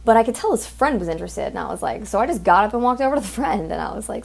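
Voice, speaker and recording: A woman's voice: medium pitch, lively intonation, quick pace, gravelly, few pauses, breathy edge. Blunt, profane woman telling a story. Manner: blunt and profane, heated, mimics others. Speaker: podcast host. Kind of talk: casual storytelling monologue.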